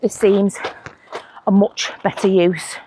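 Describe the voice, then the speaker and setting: A woman's voice: mid-range voice, little pitch movement, slow pace, noisy background. A woman chatting casually to camera while working at her allotment, with playful conspiratorial asides. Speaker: allotment vlogger. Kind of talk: casual chat while gardening. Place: outdoor allotment garden.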